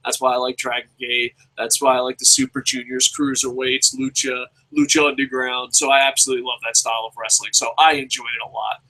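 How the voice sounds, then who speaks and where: A man reviewing a wrestling show in a casual, profane rant, his pitch leaping up whenever he gets exasperated. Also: a little fast, few pauses, rough recording. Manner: profane, animated, swears constantly; jumps sharply in pitch when exasperated.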